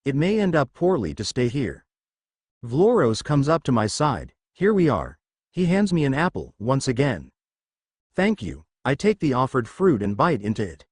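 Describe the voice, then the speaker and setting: A man's voice: medium pitch, very animated, normal speed, no echo. A man reading a first-person story recap as scripted storybook narration.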